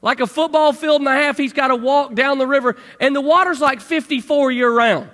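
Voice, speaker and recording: A middle-aged man telling a personal story to an audience in a lively way, acting out shouts and sound effects. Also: very high-pitched, fairly quick, in a large hall.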